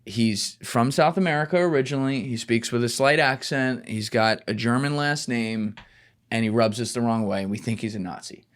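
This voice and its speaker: A man's voice: mid-range voice, normal speed, natural voice. A man retelling a worried male company boss who insists on his suspicion, in a slightly raised voice. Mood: insistent. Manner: pleading, insistent.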